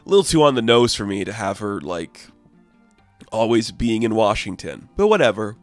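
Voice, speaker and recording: A man's voice: on the low side, very animated, normal speed, no room sound, faint music behind. A man giving a casual, rambling comic book review, full of fillers and amused asides.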